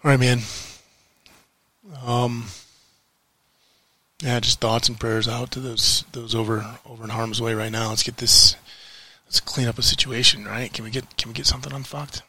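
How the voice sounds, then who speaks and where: A man ranting in a frustrated vlog, heated and swearing, repeating phrases for emphasis with weighty pauses. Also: medium pitch, flat delivery, bright, forceful tone, no echo. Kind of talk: frustrated political rant to camera.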